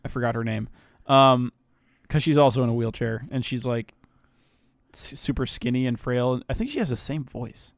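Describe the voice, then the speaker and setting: A man chatting on a podcast, animated and quick to laugh, with plenty of swearing. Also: mid-range voice, creaky, dry recording, studio quality. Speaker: podcast co-host. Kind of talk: casual podcast chat.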